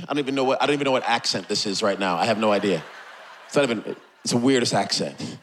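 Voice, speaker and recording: A male pastor preaching a passionate sermon, repeating phrases and building to shouts. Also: on the low side, animated, fast.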